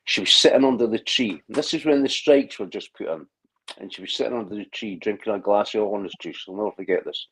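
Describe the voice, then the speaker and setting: A man's voice: fairly low pitch, fast talker, fairly bright tone, a little hiss or hum, poor audio. A man in a casual online chat, talking in long rambling stretches with frequent restarts and blunt swearing. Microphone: video call.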